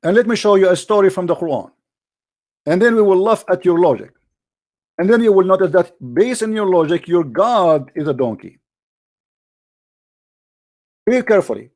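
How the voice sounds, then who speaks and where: A man's voice: high-pitched, expressive, moderate pace, long pauses, darkish tone. A man hosting a heated religious debate in non-native English, combative and mocking, often repeating himself. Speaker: debate show host.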